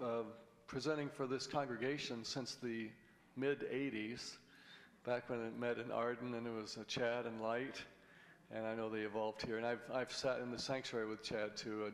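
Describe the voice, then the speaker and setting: Middle-aged male guest preacher, folksy storyteller, mid-pitched, reverberant sanctuary. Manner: folksy, rambling, with frequent restarts. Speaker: guest speaker. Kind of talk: sermon with personal stories and jokes. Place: church sanctuary. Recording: long hall reverb.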